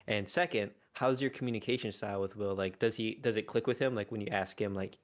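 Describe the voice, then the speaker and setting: A man in his thirties co-hosts a podcast, asking loose questions full of "like" and "um". His voice sits somewhat low for a man. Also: steady tone, fairly quick, few pauses. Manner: loose, filler-heavy questions. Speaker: podcast co-host, father of three. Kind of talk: casual chat.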